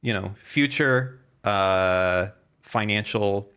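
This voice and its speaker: A man's voice: on the low side, extremely slow, a bit bright, clean tone. Rambling, profane male podcast co-host. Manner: rambling storyteller, many fillers and profanity. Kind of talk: casual podcast chat.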